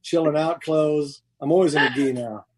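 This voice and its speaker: A man's voice: fairly high pitch, normal speed, breathy edge, no echo. A man in his fifties co-hosting a podcast over a remote call, chatting casually and jokily with lots of fillers and restarts. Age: 50s. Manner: rambling, jokey, many fillers and restarts. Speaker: podcast co-host. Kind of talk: casual chat. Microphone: remote call mic.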